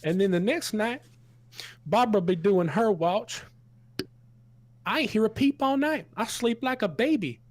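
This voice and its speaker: A man's voice: high voice, lively intonation, measured pace, long pauses, dry recording. A man putting on a drunk old farmer. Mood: rambling. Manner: folksy, rambling, drawling. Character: drunk old male sheep farmer, rustic and mournful.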